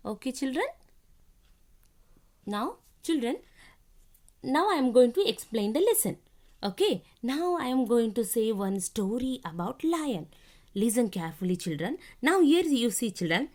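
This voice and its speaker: Teacher, female, Indian English accent, high voice, slow classroom reading with spelled-out words. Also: sing-song, darkish tone. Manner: instructive, repeats directions to children. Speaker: schoolteacher. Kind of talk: classroom reading lesson for young children.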